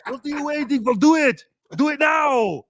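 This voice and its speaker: A man doing an impression of a burly action-movie tough guy, shouting taunts. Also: animated, moderate pace, background noise. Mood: taunting. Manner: shouting, booming.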